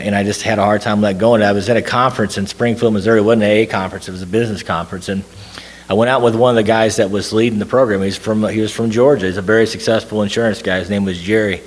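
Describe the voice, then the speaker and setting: A man telling a long personal story to a recovery group, rambling with fillers and restarts. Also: on the low side. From Tennessee. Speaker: recovery meeting speaker. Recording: long hall reverb.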